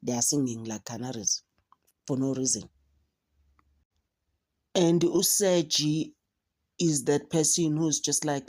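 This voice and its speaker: A South African woman hosting a casual gossip vlog. She mixes English with Zulu and talks in an animated, mocking way. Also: low voice, slow pace, long pauses. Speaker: commentator on a gossip channel.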